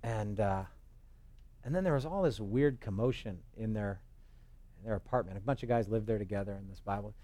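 A pastor with a lowish, mellow voice preaches briskly on a dry recording. His expository sermon is conversational storytelling peppered with jokes, and he acts out the voices of those he quotes.

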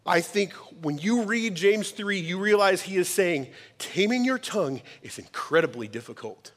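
A man in his thirties preaching a sermon as a pastor, emphatic and conversational, with quick asides to the congregation. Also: high-pitched, lively intonation. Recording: long hall reverb.

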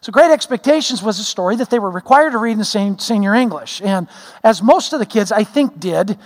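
Middle-aged male pastor, high-pitched, casual joking sermon delivery, recorded with long hall reverb. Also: animated, brisk. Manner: folksy, self-deprecating storytelling with many fillers. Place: church sanctuary.

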